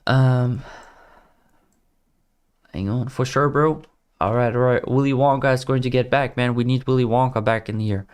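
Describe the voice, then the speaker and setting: A man's voice: mid-range voice, fairly even intonation, normal speed, long pauses, clean tone. A man hosting a trading livestream, chatting loosely with viewers, full of "like" fillers and calling them brother. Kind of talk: casual livestream chat, reading viewer comments.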